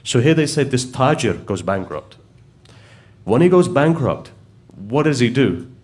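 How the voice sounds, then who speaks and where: A man's voice: mid-range voice, sing-song, measured pace, a little mellow. A man preaching, telling a story in a conversational way and putting questions to his listeners. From United Kingdom. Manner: conversational, asks the audience questions. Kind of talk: storytelling sermon.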